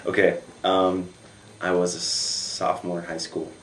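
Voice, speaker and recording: A young man who works as a camp counselor, telling stories in a casual interview, animated and full of fillers. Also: deep voice, measured pace. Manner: animated, filler-heavy storytelling. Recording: echoey room with faint noise.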